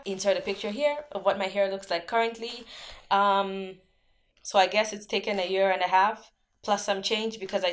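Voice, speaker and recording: A young woman from Zambia talking straight to her camera in a relaxed question-and-answer vlog. Her pitch sits in a middling range, and she tells her stories in a loose, chatty way, filling the gaps with "like". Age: young adult. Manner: chatty storytelling, many "like" fillers. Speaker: vlogger. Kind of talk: casual Q&A vlog.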